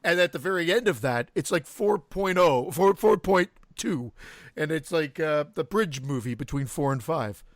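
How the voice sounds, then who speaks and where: A man's voice: on the high side, animated, moderate pace, no room sound, clean studio sound. A man co-hosting a horror movie podcast in casual chat, joking, laughing often and acting out bits. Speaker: podcast co-host.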